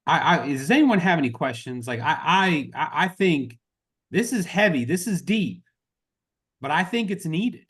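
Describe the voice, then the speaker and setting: A man's voice: fairly high pitch, expressive, normal speed, fairly bright tone, husky. Earnest impassioned man rallying a team. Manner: earnest, impassioned, repeats "y'all". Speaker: network marketing team leader. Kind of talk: motivational talk on a group call.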